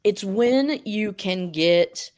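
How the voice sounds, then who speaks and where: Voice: medium pitch, expressive, drawn-out words, darkish tone. A participant in a casual livestream chat, thoughtful and hedging their opinions.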